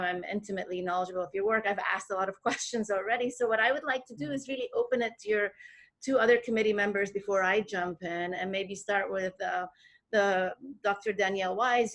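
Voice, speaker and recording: A woman's voice: medium pitch, a bit bright. A woman chairing a dissertation defense over a video call, appreciative and formal.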